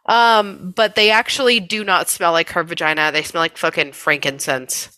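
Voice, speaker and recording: A woman's voice: fairly low pitch, steady tone, moderate pace, pushed and bright, no echo. A woman co-hosting a podcast in casual chat, sarcastic and laughing often as she lays out the details. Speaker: podcast co-host.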